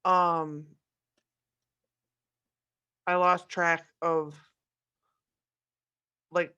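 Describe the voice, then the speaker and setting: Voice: medium pitch, little pitch movement, very slow, bright, forceful tone, clean tone. Hesitant player on muffled call audio. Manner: hesitant, distracted. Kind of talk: tabletop game play over a call.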